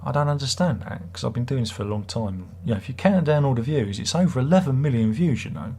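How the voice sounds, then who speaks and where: A middle-aged man with a husky, slightly breathy voice. He rambles casually through a livestream and reads out viewer comments. His replies are sarcastic and teasing, at an ordinary, middling pitch. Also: animated, fast, warm tone. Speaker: livestream host.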